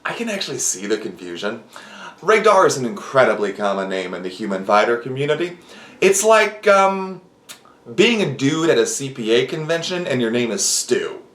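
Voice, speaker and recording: A man's voice: medium pitch, big pitch swings, moderate pace, a bit bright. A man playing a blunt human fighter who talks crudely and sarcastically. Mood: sarcastic. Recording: echoey room.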